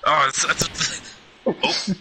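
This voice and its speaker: A man's voice: on the high side, wildly swooping pitch, very slow, vocal fry, pushed and bright, a little hiss or hum. A man playing a video game with friends, teasing them and laughing often. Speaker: gamer on a let's play channel. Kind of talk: casual gaming banter.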